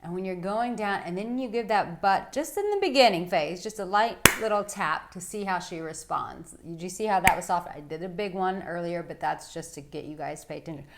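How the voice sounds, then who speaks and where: A woman working as an intimacy coach, giving frank, playful instruction to men with animated asides. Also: fairly low pitch, fairly quick, few pauses, heavy background noise. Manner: blunt, playful and animated, with bursts of laughter and acted-out asides. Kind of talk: frank instructional talk to camera.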